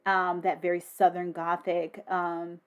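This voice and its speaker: A woman giving a casual, enthusiastic book review, swearing freely and filling pauses with ums and restarts. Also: lowish voice, monotone, clear, resonant tone. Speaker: book vlogger.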